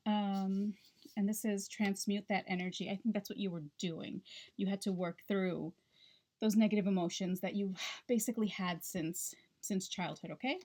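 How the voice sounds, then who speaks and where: A woman's voice: mid-range voice, a bit bright, slight background noise. Chatty woman giving a card reading. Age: middle-aged. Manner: chatty, reassuring, rambling with fillers. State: out of breath. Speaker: tarot card reader. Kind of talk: casual spiritual card reading.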